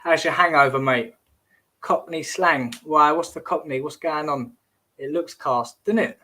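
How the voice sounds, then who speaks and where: A man's voice: a little high, a little slow, bright, forceful tone. A man hosting a casual livestream, rambling and exclamatory, often trailing off and restarting mid-sentence. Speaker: host.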